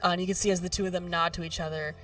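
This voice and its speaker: A woman narrating a tabletop game as game master, rambling with many pauses. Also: lowish voice, little pitch movement. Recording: distant mic, faint music behind.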